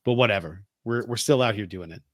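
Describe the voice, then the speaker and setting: A man's voice: fairly low pitch, quick pace, fairly bright tone, no room sound, clean studio sound. A man co-hosting a podcast in casual chat, telling stories in a chatty, self-deprecating way while getting over a cold. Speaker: podcast co-host.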